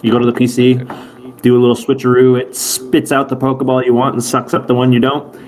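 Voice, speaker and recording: A man's voice: mid-range voice, monotone, fast talker, a little mellow. Casual rambling man running a game. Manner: casual, rambling, self-correcting. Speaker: game master. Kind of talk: narrating a tabletop game.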